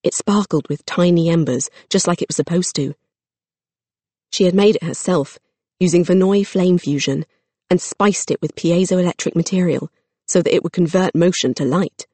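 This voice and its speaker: Narrator reading a kids' story, steady and measured, middle pitch, super dry close mic. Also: no room sound.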